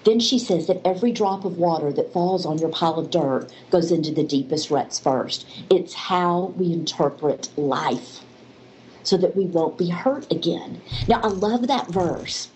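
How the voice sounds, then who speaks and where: A woman's voice: lowish voice, unhurried, slight background noise, low-quality recording. A woman counselor telling stories and explaining ideas in a faith-based interview, acting out the voices of the people in her stories. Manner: animated storyteller, acts out quoted voices.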